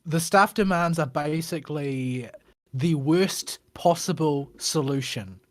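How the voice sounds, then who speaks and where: A man's voice: a little high, slow, dry recording, clean studio sound. A man co-hosting a casual gaming chat show, blunt and opinionated, often hesitating with fillers. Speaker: podcast co-host.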